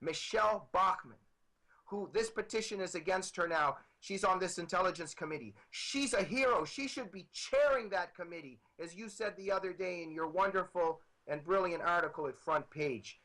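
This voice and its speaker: A man's voice: high voice, normal speed, pushed and bright, rough recording. A man in a political interview, talking emphatically and building to passionate declarations, heard over a computer mic on an internet call. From Soviet Union. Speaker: author.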